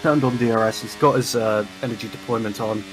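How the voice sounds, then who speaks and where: A man giving calm, corner-by-corner commentary on a sim racing lap, explaining braking and racing lines. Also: medium pitch, fast talker, background noise. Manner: relaxed, talks through a lap corner by corner.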